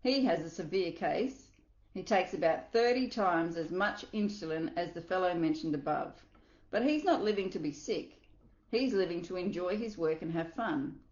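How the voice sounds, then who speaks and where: A woman's voice: fairly low pitch, lively intonation, normal speed, darkish tone, echoey room, lo-fi sound. A woman coach reading a self-help book aloud, earnest, with small slips and asides.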